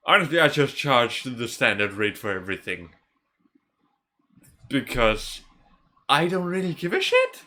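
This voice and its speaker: A man's voice: mid-range voice, huge pitch swings, measured pace, pauses often, sharp tone. Tired man swearing through casual game commentary. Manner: laid-back, swears casually, restarts words. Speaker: gaming channel host. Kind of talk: casual let's-play commentary.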